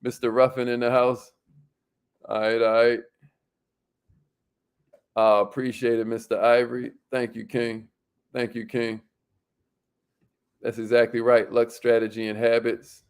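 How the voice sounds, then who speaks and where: A man's voice: medium pitch, little pitch movement, measured pace, pauses often, clean tone. A man hosting a livestream in an upbeat, slangy, casual way, reading out viewer comments and laughing often. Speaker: livestream host.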